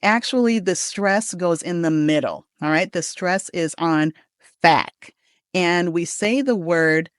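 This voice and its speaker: Woman, English pronunciation teacher, slow deliberate word modeling, lowish voice, dry close sound. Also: no room sound. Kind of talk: pronunciation lesson.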